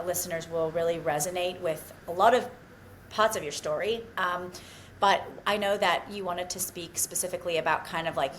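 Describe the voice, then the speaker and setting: A woman's voice: fairly low pitch, a little hiss or hum, poor audio. A woman from Australia with an American accent, hosting a casual podcast chat and talking in a loose, filler-heavy way. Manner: warm, chatty, heavy on fillers like "um" and "like". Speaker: podcast host.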